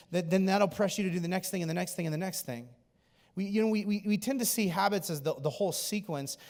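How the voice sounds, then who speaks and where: Fast-talking high-voiced male preacher. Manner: animated storytelling, acting out quoted people. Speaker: pastor. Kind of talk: sermon. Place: church auditorium. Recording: church hall reverb.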